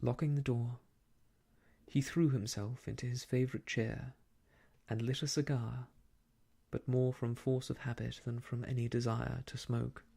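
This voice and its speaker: A man softly reading an old novel aloud for ASMR, hushed and slow, slipping into whispers, close to the mic. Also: mid-range voice, little pitch movement, vocal fry, breathy edge. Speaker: storyteller.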